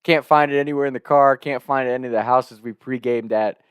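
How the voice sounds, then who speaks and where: A man's voice: mid-range voice, fast, clear, resonant tone, no room sound, clean studio sound. Laughing young man telling a party story. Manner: animated, laughing, acts out voices loudly. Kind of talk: casual anecdote.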